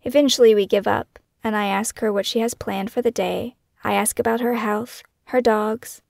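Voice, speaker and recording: A woman narrating her own scripted true-crime podcast in a measured, questioning, somber way. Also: fairly high pitch, fairly even intonation, gravelly, darkish tone, no echo, studio quality.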